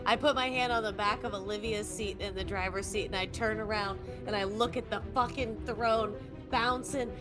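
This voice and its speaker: A woman's voice: mid-range voice, steady tone, normal speed, music in the background. A woman playing a tabletop role-playing game, brash and swearing freely. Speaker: player. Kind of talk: casual tabletop game play.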